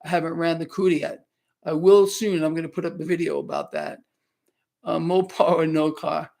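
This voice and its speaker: A man's voice: fairly high pitch, fairly even intonation, moderate pace, gravelly, darkish tone. A man hosting a live market wrap-up stream, talking in an emphatic, sarcastic, conversational way and taking viewers' questions. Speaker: market commentary host. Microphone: new microphone.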